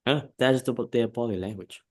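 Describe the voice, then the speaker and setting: A man's voice: mid-range voice, fast talker. A man teaching English one-on-one, giving emphatic, repetitive advice and often checking in with his student. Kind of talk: one-on-one lesson feedback.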